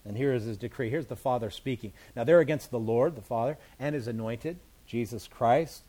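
A man delivers a sermon at a middle pitch. His preaching is plain-spoken and conversational, with playful, joking asides as he explains the scripture. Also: a little fast, dark tone. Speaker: pastor.

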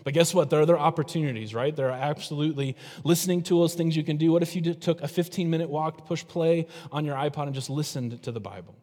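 A man's voice: on the high side, fast talker, hardly any pauses, warm tone. A middle-aged male pastor preaching a sermon in a conversational way, throwing rhetorical questions at the congregation. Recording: long hall reverb.

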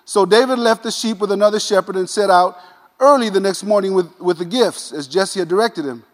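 A man preaching a sermon, retelling a scripture story in a casual, animated way with modern asides. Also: sits high, brisk, big-room sound. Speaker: pastor.

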